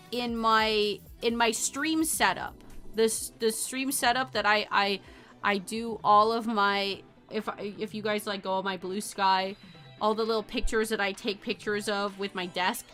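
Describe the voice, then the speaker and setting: Young woman streamer, high bright voice, rambling animated chat, faint music behind. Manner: animated, rambling storytelling with frequent laughs. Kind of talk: casual livestream chat.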